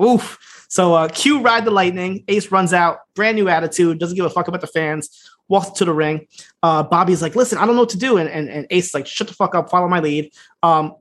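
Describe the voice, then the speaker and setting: A man co-hosts a casual podcast and rattles through an episode recap at a quick clip. He laughs a lot and puts on the characters' lines as he goes. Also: high voice, fairly bright tone. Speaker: podcast co-host.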